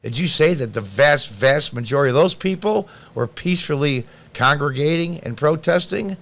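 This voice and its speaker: A man's voice: a little high, animated, moderate pace, gravelly, fairly bright tone. A man hosting a podcast, reading news items aloud and answering them with blunt, sarcastic, combative political commentary. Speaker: podcast host.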